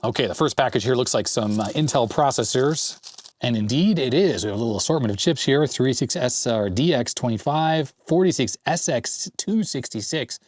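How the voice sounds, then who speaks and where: Rambling happily through a mail-call unboxing of vintage parts, this Canadian host in his forties works from his home basement workshop, chatty and full of tech asides. He speaks at normal speed in an animated, medium-pitched, darkish voice, with slight hiss or hum.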